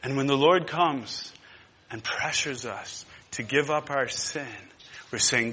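A man preaching a sermon, impassioned and emphatic. He moves between hushed and loud. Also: medium pitch, slow, slightly rough, in a large hall. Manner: repetitive, emphatic.

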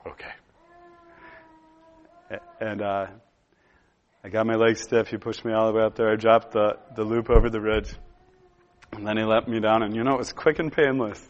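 A man's voice: lowish voice, level tone, brisk, muffled recording. Man in his thirties telling a sermon story. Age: 30s. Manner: conversational storytelling with frequent "uh" and "and". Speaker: preacher. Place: room with a gathered audience.

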